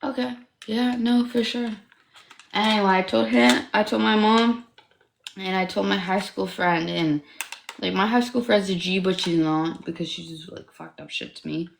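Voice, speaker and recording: A young Canadian woman in her twenties tells a personal story during a casual livestream chat, speaking at a medium pitch and moderate pace in a gravelly voice. She rambles, swears, and fills her speech with constant "like"s, and the room is echoey with slight background noise.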